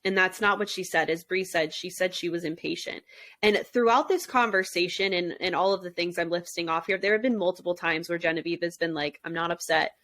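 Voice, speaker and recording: A woman's voice: lowish voice, fairly quick, a bit bright. A young adult woman co-hosting a podcast, talking casually and emphatically, swearing and acting out quotes. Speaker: podcast co-host. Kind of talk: casual chat.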